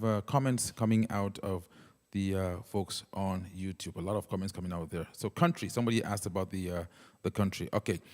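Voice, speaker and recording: A man's voice: on the low side, a little mellow, big-room sound. A man casually talking livestream viewers through a keyboard demo on a wireless handheld mic, checking comments as he goes. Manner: casual, talks viewers through each step. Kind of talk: live product demo with singing. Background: keyboard music.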